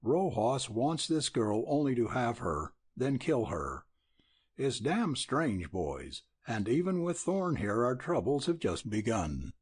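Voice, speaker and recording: A blustering older rancher holds forth in a rolling voice, as a male narrator plays him. The tone is husky and the pitch moves a lot. It is an audiobook reading. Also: sing-song, takes it slowly, full character voice. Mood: heated.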